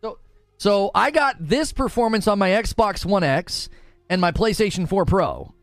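A young man doing casual livestream commentary on games, animated and exasperated. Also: high-pitched, dry recording, soft background music. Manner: animated, exasperated, quick retorts. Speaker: gaming streamer.

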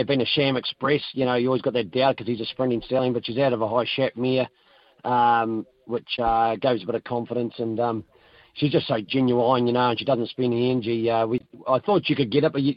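A hoarse racehorse trainer, chatting casually on the phone with radio hosts, rambling along with plenty of fillers. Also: male voice, medium pitch. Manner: rambling, relaxed, halting with fillers. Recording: dull phone line.

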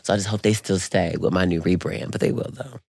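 A man's voice: low-pitched, fast, gravelly, a little hiss or hum. A young man co-hosting a podcast, animatedly telling a story, calling his listener "girl" and acting out quotes. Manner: animated, says "girl" constantly, acts out quotes. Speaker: podcast co-host. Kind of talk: casual storytelling chat.

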